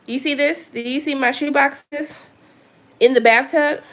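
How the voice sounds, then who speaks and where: Woman, higher pitch, casual live-stream vlogger at home, exasperated venting. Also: steady tone, moderate pace, a bit bright. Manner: venting, exasperated, chatty with asides. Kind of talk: casual chat to viewers. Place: her apartment at home.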